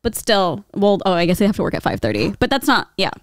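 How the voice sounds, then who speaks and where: A woman's voice: mid-range voice, big pitch swings, quick pace, no echo, clean studio sound. A young woman co-hosting a podcast, chatting casually with lots of fillers. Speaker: podcast co-host. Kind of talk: casual chat.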